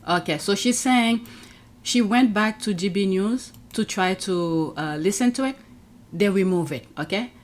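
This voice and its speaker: A woman's voice: medium pitch, unhurried. Chatty woman commenting on her screen. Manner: chatty, talks through her screen work aloud with exclamations. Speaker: YouTube commentator. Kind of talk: casual reaction commentary.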